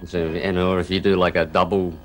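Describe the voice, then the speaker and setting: A rock guitarist talking casually in an interview, rambling and filling gaps with "you know", now and then chuckling. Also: male voice, low voice, level tone, brisk, over loud music. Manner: chuckles while telling stories.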